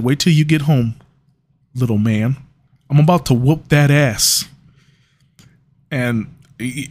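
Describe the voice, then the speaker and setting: A man in his mid-thirties hosting a solo podcast, telling stories in a rambling, joking way with frequent restarts and cursing. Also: medium pitch. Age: 30s. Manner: rambling, laughing storyteller with restarts and profanity. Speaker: podcast host. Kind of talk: casual solo monologue.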